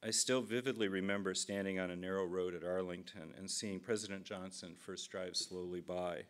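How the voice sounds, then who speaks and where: A man's voice: low-pitched, flat delivery, a little fast, few pauses. A man in his fifties, from Minnesota, giving a humorous keynote speech with dry storytelling and self-deprecating asides. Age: 50s.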